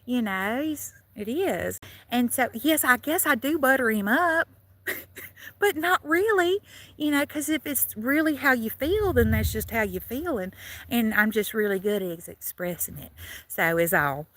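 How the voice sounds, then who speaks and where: A woman's voice: fairly high pitch, lively intonation, unhurried, a bit bright. A woman from Louisiana with a Southern accent, chatting on a casual live stream, rambling and laughing often. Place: in and around a car.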